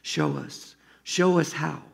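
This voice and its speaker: A man with a gravelly voice reading the lines of a calm, faithful young woman prisoner, matter-of-fact and serene. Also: fairly high pitch, takes it slowly, heavily acted. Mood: eager.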